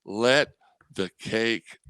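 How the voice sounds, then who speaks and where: A man on a podcast as a guest, talking sports in a rambling, animated way. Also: on the low side, extremely slow, clean tone, dry recording. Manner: animated, rambling, quotes people in voices. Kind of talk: casual sports talk.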